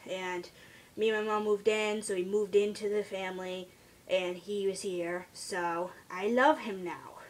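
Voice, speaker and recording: A teenage girl chatting casually on her vlog about her pet at home, rambling and trailing off into quiet asides. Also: medium pitch. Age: teens. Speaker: vlogger.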